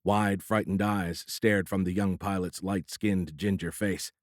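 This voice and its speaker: Reading scripted narration in a steady, measured way, a male audiobook narrator speaks in a low voice. He's close-miked, and the recording is dry with no room sound behind it.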